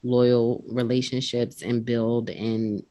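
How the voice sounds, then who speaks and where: Low-voiced woman co-host, dry sound. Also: little pitch movement, warm tone, no echo. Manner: slows down to stress words when retelling examples. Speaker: podcast co-host. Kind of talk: casual chat.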